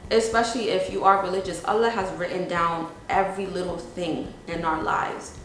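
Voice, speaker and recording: Young woman entrepreneur in a documentary interview: casual and earnest, low-ish voice, very echoey room. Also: steady tone, moderate pace, few pauses, far from the mic. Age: young adult. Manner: casual and earnest, with frequent "you know what I'm saying". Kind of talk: documentary interview, candid talk. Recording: very echoey room, faint background noise.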